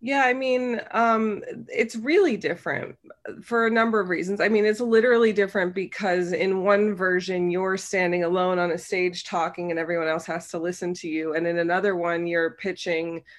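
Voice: medium pitch, fairly even intonation, normal speed. A comedy writer from Cincinnati answering interview questions in a chatty, self-deprecating way, laughing now and then. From Cincinnati, United States.

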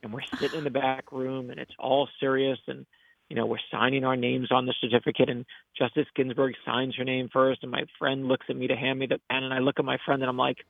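A man's voice: mid-range voice, little pitch movement, a little fast, gravelly, no echo. A middle-aged man, a guest author, telling stories earnestly in an interview and acting out the quotes as he goes. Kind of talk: casual interview storytelling. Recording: tinny phone line.

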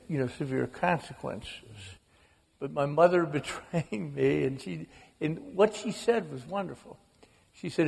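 A man in his sixties tells animated, humorous stories as an interview guest, his voice somewhat high for a man. It is gravelly and breathy. The sound carries the long echo of a large hall. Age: 60s. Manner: wry, animated storyteller. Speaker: author guest. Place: onstage in a large auditorium. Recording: live auditorium echo.

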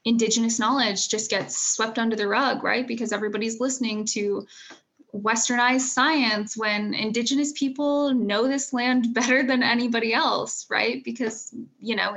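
A woman's voice: on the high side, a bit bright. A young woman in her twenties, a graduating student answering interview questions in an earnest, reflective way, with fillers and small laughs. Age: 20s.

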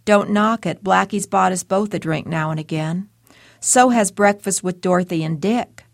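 A man's voice: high-pitched, normal speed, vocal fry, no echo. A woman reading the part of a self-satisfied middle-aged husband who co-hosts a radio show, voiced in a wheedling, needling tone in a dry, close recording.

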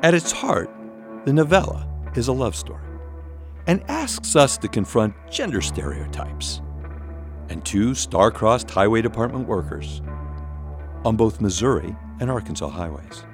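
A man's voice: fairly low pitch, sing-song, measured pace, faint music behind. A male public radio host introducing and interviewing an author, in a polished, announcer-like way.

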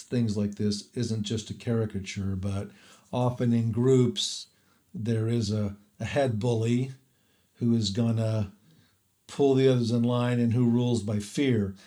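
A man's voice: medium pitch, darkish tone. A man, an author being interviewed, giving reflective answers and searching for words as he goes.

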